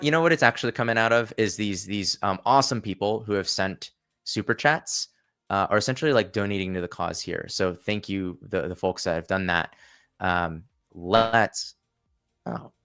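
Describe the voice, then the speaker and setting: A man's voice: fairly low pitch, lively intonation, moderate pace, a bit bright. A man hosting a casual livestream, chatting and thinking aloud with frequent restarts. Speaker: channel host.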